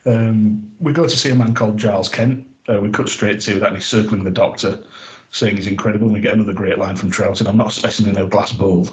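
A man's voice: lowish voice, steady tone, fast, poor audio. A man hosting a podcast, chatting casually with frequent fillers, restarts and laughter. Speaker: podcast host.

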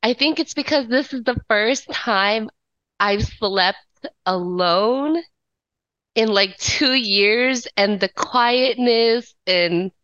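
Woman, podcast co-host, bright tense voice, self-mocking, dry muffled audio. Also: on the high side, takes it slowly, no echo. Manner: chatty, self-mocking, laughs often. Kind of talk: casual chat.

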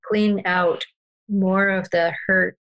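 A woman guest telling parenting stories in a calm, earnest, unhurried way during a podcast conversation. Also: mid-range voice, muffled recording.

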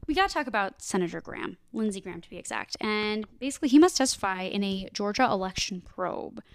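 A woman's voice: medium pitch, animated, fast talker, smooth, dry recording. A young adult woman co-hosting a podcast. She reads news items and breaks in with casual, sarcastic asides. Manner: chatty, sarcastic asides, heavy "like" filler. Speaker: podcast co-host.

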